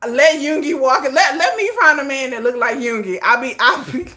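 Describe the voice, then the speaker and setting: A woman hosting a casual livestream chat, animated and laughing often. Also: sits high, moderate pace, a little hiss or hum. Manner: animated, laughs a lot, switches into hushed and sung put-on voices. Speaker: livestream host.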